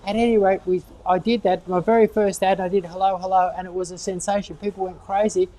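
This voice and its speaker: A woman's voice: medium pitch, little pitch movement, quick pace, mellow. A woman answering gardening questions in a casual live Q&A, rambling and often repeating words as she thinks. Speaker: gardening expert. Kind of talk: casual Q&A chat.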